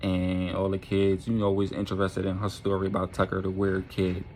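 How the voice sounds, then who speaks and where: A man telling a dark story in a casual, animated storytime manner, profane and often asking "right?". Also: low voice, a little fast, a little hiss or hum.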